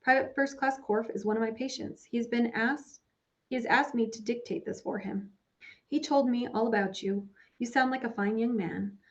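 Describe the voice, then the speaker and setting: A woman's voice: on the high side, steady tone, normal speed, lightly acted. A woman voicing a polite, kindly young navy nurse writing a letter, on a dull lo-fi recording.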